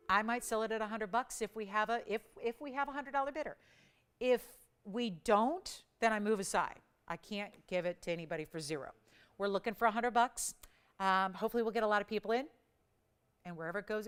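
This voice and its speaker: A woman hosting a live shopping channel, calling out bids in an energetic, chatty auction patter. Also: medium pitch, clean tone. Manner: energetic, rapid bid calling; playful, chatty. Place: TV studio.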